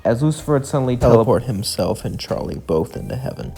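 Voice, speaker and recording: A man's voice: mid-range voice, expressive, quick pace, creaky, mellow, soft background music. A man narrating a casual fan story in a plain, repetitive way.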